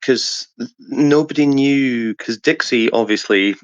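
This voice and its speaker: A man with a mid-range voice joins a casual chat, jumping in eagerly with an excited story of his own. The sound is dry and somewhat dull, like a lo-fi online call. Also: medium pitch, takes it slowly, no room sound.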